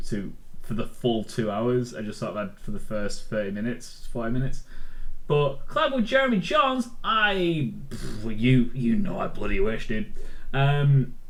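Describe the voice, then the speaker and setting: A man's voice: mid-range voice, low-quality recording. A young man in his twenties, hosting a casual livestream and chatting loosely while reading comments. He rambles and jokes. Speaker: streamer and show host.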